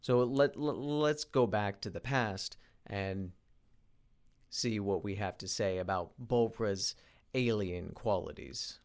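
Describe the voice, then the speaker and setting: A man's voice: lowish voice, slow pace. A man recording a casual work vlog, thinking aloud as he animates, rambling with frequent restarts and fillers. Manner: thinking aloud while working. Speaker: independent animation creator.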